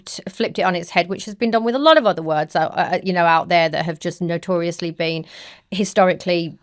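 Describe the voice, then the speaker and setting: British woman host, blunt and animated, dry studio mic. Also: on the low side, brisk, no echo. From Britain. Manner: blunt, animated, acts out quotes. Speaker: podcast host and fashion stylist. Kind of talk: casual podcast chat.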